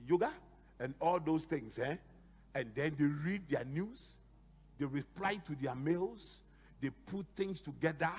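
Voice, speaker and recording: A bishop preaching a sermon, telling animated stories with sudden shouted emphasis. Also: male voice, fairly high pitch, slightly rough, long reverb tail.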